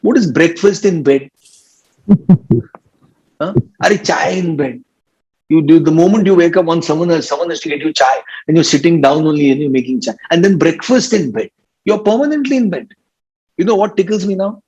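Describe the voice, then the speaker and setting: Husky Indian English spiritual teacher. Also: male voice, fairly high pitch, expressive, moderate pace, darkish tone. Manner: playful, teasing, laughs often, mimics people. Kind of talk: informal spiritual discourse. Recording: dull lo-fi recording.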